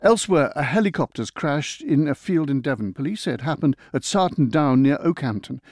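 A man's voice: medium pitch, a little mellow, dry recording. Dry, teasing radio presenter man. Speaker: radio news and weather presenter. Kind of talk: radio news read and banter.

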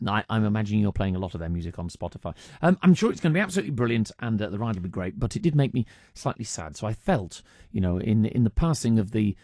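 Male radio presenter, chatty and rambling, animated pitch, dry close studio sound. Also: fast, no room sound. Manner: chatty, lots of ums and uhs, reads out listener texts. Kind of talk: casual radio chat. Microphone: studio microphone.

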